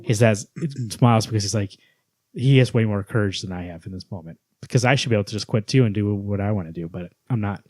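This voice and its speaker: Lower-voiced man chatting about comics. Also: fast talker, dark tone, no room sound, clean studio sound. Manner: enthusiastic, retells scenes with quoted lines. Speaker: podcast co-host. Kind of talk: casual comic book chat.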